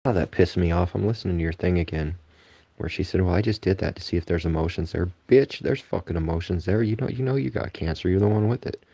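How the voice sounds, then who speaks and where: Deep gravelly angry man. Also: fast, warm tone, no echo, lo-fi sound. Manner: angry, swearing, reassuring. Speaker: partner sending a video message. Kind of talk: casual recorded voice message.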